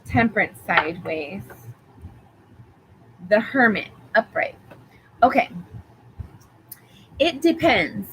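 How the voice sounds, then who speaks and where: A woman giving a tarot reading, calmly reassuring the listener with affirmations and rambling a little as she talks. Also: medium pitch, slow, long pauses, noisy background. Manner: rambling, with fillers and restarts. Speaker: tarot reader. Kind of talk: live tarot reading for a viewer.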